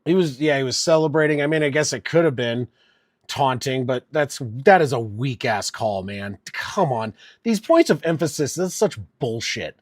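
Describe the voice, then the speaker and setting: A man's voice: medium pitch, lively intonation, moderate pace, dry recording, clean studio sound. A man giving casual live play-by-play of a football game from home, cursing freely and getting heated over bad calls. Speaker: streamer doing live play-by-play. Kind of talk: live sports play-by-play and reactions.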